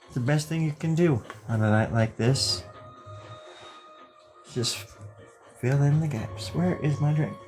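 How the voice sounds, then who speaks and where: A man's voice: a little high, unhurried, pauses often, music in the background. A man chatting casually on a live stream while he draws, rambling and joking and laughing often. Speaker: live-streaming drawing host.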